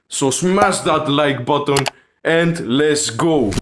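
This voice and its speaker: A young man filming a horror challenge vlog, frightened and swearing, breaking into shouts. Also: a little high, takes it slowly, noisy background. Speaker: vlogger. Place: house at night.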